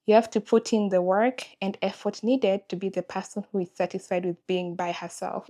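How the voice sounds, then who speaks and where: A woman's voice: mid-range voice, fairly even intonation, normal speed, few pauses, warm tone. Young woman, confessional vlog, candid, emotional. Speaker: vlogger.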